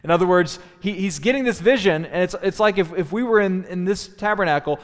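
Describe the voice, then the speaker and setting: A man's voice: high-pitched, fairly quick. A man preaching a sermon, teaching in a thoughtful tone with frequent restarts. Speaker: pastor. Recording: long hall reverb.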